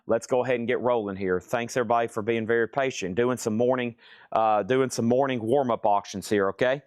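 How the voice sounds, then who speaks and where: A vinyl record seller on a live stream runs relaxed auction patter from a record store, calling out items and prices, cracking jokes, and rambling chattily between prices. His voice is middle-pitched for a man, steady and fairly quick, with a clean tone. The recording is dry and close, with no room sound.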